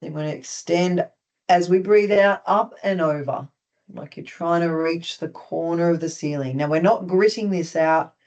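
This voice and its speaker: An instructor with an Australian accent leads a group through simple stretches and breathing, speaking calmly and steadily. The cues are gently instructive, with small touches of humor mixed in. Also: mid-range voice, normal speed. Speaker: movement instructor. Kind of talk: guided stretching class.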